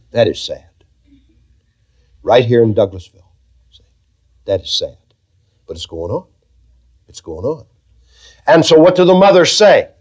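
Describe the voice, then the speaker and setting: A man teaching a Bible class in a conversational way, now and then dropping into soft, quiet asides and calling on listeners by name. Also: fairly high pitch. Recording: dull lo-fi tape recording.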